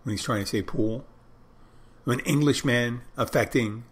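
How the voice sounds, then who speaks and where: A man's voice: mid-range voice, takes it slowly, pauses often, fairly bright tone, breathy edge. A man hosting a podcast, talking on his own in a loose, wandering way as he thinks aloud. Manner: rambling, digressive, thinking aloud. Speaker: podcast host. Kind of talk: casual solo podcast monologue.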